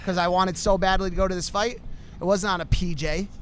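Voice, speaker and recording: A man's voice: high-pitched, fairly even intonation, brisk, a little hiss or hum. A young man co-hosting a podcast, joking crudely and mocking himself in casual banter. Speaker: podcast co-host.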